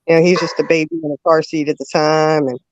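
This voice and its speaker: A woman with a low voice hosts a casual chat, spinning a long, drawn-out story full of fillers and laughter. She's lively and laughs often. The dry recording sounds dull and lo-fi.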